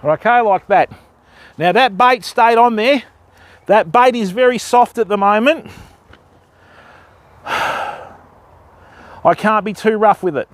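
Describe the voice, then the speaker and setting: High-voiced Australian man fishing live. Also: slow, pauses often. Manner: chatty, explains rigs to viewers step by step. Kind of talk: casual live-stream chat while fishing. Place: outdoors on a river bank at dusk.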